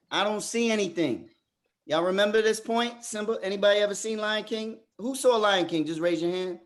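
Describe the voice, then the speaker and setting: A man facilitating a fathers' group workshop who talks emphatically and often repeats words as he restarts. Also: sits high. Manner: turns soft and slow in reflective parts. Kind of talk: motivational workshop talk.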